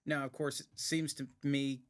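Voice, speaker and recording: A man's voice: mid-range voice, level tone, moderate pace. A man hosting a sports show, asking a coach questions in a friendly, conversational way. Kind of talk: casual sports interview.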